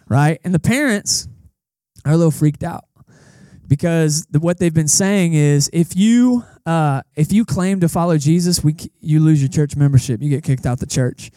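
A young man preaching a casual, animated sermon at a church service, acting out the people in the story as he goes. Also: a little high, moderate pace, no echo. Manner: animated, conversational preaching with acted-out quotes. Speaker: pastor. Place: church service in a cinema auditorium.

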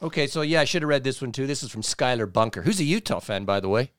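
A man's voice: medium pitch, lively intonation, quick pace, fairly bright tone, no room sound, studio quality. Joking man reading fan comments. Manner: joking, reads comments aloud, blunt. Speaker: podcast co-host reading listener comments. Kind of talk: casual sports chat.

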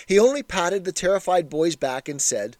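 A man reading a memoir aloud in a measured, wry storytelling manner. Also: high voice, expressive, darkish tone, no room sound. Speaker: reader. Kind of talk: scripted memoir narration.

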